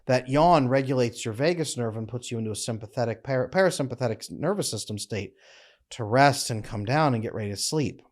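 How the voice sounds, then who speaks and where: A man's voice: mid-range voice, animated, fairly quick. Emphatic male relationship coach. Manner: emphatic, demonstrates breathing and posture aloud. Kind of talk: teaching to camera.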